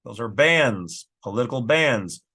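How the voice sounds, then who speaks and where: A man's voice: mid-range voice, animated, measured pace, pushed and bright, husky. A man hosting his own channel, casually talking through and reading legal documents with folksy, emphatic asides. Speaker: channel host.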